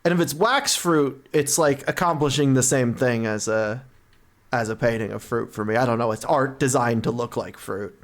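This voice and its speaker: A woman's voice: a bass voice, moderate pace. A woman chatting casually on a live stream, rambling and self-deprecating, often trailing off mid-thought.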